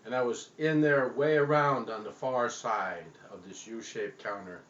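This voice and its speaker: A man telling a comic story in a deadpan, halting way, with frequent pauses, in an echoey room with dull, lo-fi sound. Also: medium pitch.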